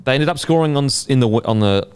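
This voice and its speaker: Chatty Australian bloke talking footy. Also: male voice, medium pitch, quick pace, smooth. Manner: animated, swears, lots of fillers and restarts. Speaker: podcast host. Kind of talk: casual sports chat.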